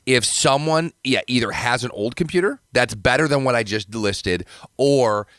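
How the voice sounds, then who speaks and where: A man's voice: mid-range voice, moderate pace, fairly bright tone, no echo, studio quality. A man hosting a podcast in casual chat, rambling and self-deprecating while he eats and talks. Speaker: podcast host.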